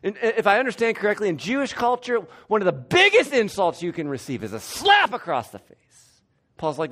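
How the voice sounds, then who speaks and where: A male pastor preaching a conversational, animated sermon in church. He often restarts and corrects himself. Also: high-pitched, fast talker.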